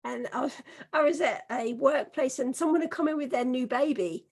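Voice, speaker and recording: A woman's voice: high voice, moderate pace, a little mellow, husky. A woman on a discussion panel telling a self-deprecating story.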